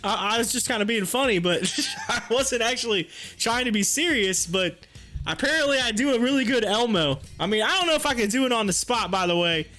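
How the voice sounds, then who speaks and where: Giggly high-voiced man chatting live. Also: lively intonation, brisk, pushed and bright, soft background music. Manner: chatty, laughs often, rambling restarts. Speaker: live-stream host. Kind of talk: casual live-stream chat. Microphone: headphones on.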